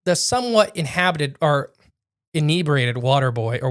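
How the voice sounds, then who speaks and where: A young man in a relaxed podcast setting, narrating a ghost story in a slightly higher-than-average voice. He rambles, restarts sentences and fixes his own slips as he goes. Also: moderate pace. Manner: rambling, self-correcting storyteller. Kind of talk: casual storytelling chat.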